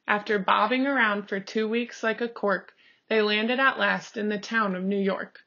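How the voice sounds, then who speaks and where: A woman reading a picture book aloud, slow and expressive, calling out the page turns. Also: mid-range voice. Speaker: storybook reader. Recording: dull lo-fi recording.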